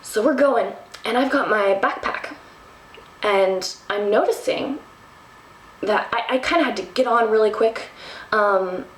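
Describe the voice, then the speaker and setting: A young woman from Texas telling a travel story to the camera, animated and self-mocking, with lots of ums and restarts. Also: mid-range voice, measured pace, pauses often, a little hiss or hum. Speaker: vlogger. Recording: roomy, from a distance.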